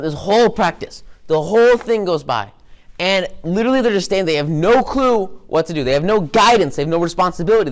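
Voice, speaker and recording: A man giving an upbeat, rambling motivational talk with lots of energy. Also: a little high. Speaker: motivational speaker.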